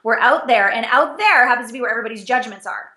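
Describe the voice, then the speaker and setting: Speaking fast in a relaxed interview conversation, the guest is an intimacy coach with a fairly high voice. Her delivery is animated, pitch leaping up and down, and she laughs while acting out snippets of dialogue, all captured in an echoey room.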